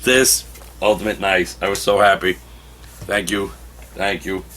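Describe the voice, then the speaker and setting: A man reviewing comic books in a casual, animated way, now and then acting out characters' lines. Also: low voice, unhurried, a little hiss or hum.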